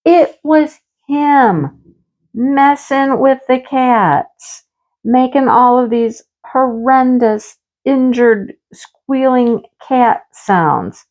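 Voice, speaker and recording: A middle-aged woman in a casual home-office chat, telling stories in a chatty, animated way. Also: fairly high pitch, very slow. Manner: chatty, storytelling, animated exclamations. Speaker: craft vlogger.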